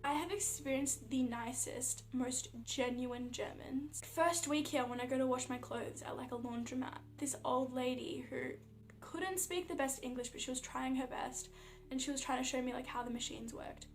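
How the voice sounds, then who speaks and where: High-voiced chatty Australian woman. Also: normal speed, slight background noise. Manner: chatty, animated storytelling with many fillers. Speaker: athlete vlogger. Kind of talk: casual talk to camera.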